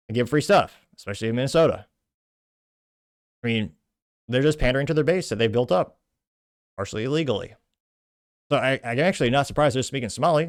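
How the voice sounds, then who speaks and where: A man's voice: mid-range voice, no room sound, studio quality. A man hosting a political commentary show, reading social media posts aloud with their like counts and adding opinionated asides. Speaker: show host.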